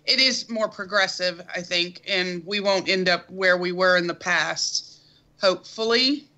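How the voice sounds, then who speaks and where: A woman co-hosting a podcast in casual chat, giving gaming news in a brisk, matter-of-fact way. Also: lowish voice, sharp tone. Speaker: podcast co-host.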